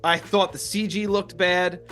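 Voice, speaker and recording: A man's voice: high voice, fairly even intonation, measured pace, fairly bright tone, soft background music. A man co-hosting a podcast, chatting about movies in a blunt, opinionated way. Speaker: podcast co-host. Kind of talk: casual movie chat.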